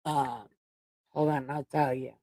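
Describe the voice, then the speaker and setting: A woman's voice: a bass voice, steady tone, slow pace, dark tone, no echo. A woman hosting a casual livestream Bible reading from home, joking, swearing and playfully boastful. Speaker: host reading the Bible aloud.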